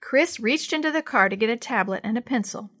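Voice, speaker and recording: A woman reading a children's storybook aloud in a clear, expressive scripted narration. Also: fairly high pitch, brisk, dry recording, clean studio sound.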